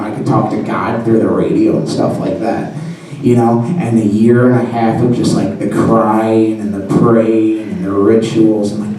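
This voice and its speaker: A man's voice: on the low side, mellow, distant mic, a little hiss or hum. Man storyteller on stage, rambling, self-mocking, picked up from afar in an echoey room. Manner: rambling, self-deprecating, full of "you know" and "like". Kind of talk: live personal storytelling. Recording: roomy hall heard from afar.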